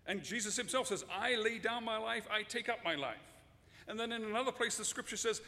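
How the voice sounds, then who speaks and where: A man delivers a sermon in a fairly high voice, stressing key words and at times speaking straight to the children. His voice rings out with a long reverb trailing behind it. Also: brisk, bright, forceful tone. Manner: emphatic, addresses children directly. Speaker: preacher.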